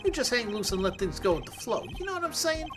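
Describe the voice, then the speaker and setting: Streamer putting on a swaggering punk kid voice, slangy and tough, lively pitch jumps. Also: fast talker, music in the background, lightly acted. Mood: brash. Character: cocky young male street punk, brash.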